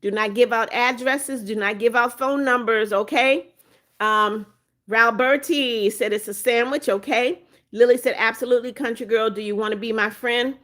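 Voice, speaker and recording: A woman from Florida hosts a casual phone livestream, reading her viewers' comments aloud one by one. Her voice sits a little higher than most, friendly and talkative, and she turns firm when she lays down her rules. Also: fairly even intonation, normal speed. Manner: warm, chatty, firm about her rules. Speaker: livestream host.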